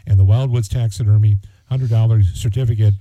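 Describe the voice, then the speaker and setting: Man, radio host, auction results, folksy and chatty, dark mellow tone, dry close sound. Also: lowish voice, fairly even intonation, fairly quick, no room sound. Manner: folksy, chatty, lots of fillers. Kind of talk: charity auction wrap-up.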